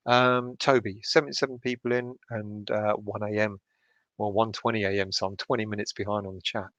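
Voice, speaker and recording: A man's voice: fairly low pitch, level tone, brisk, a bit bright, no echo. A middle-aged man hosts a late-night chat, keeping his voice down and swearing freely as he reads viewer comments. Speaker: fan channel host reading live chat. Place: home at night.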